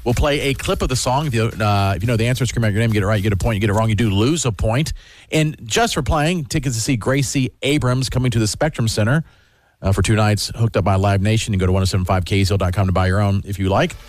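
A man hosting a morning radio show, briskly explaining the rules of an on-air music quiz with a joking tone. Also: fairly low pitch. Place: radio studio.

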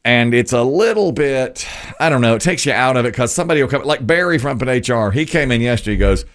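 A man's voice: medium pitch, lively intonation, fast talker. A middle-aged man hosting a radio show, telling stories in casual banter with his co-host. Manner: chatty storyteller, puts on voices for quotes.

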